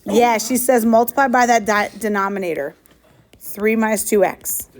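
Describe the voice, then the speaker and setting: An upbeat woman runs a math class, talking fast and tossing questions to her students. Her voice sits a little higher than most women's. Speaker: math teacher. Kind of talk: classroom lesson.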